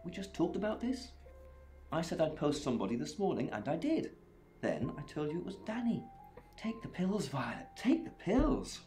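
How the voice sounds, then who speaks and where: A brusque male police chief in a video game, barking short orders. His pitch swings widely as he speaks. Faint music plays underneath. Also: sing-song, normal speed, darkish tone. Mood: commanding.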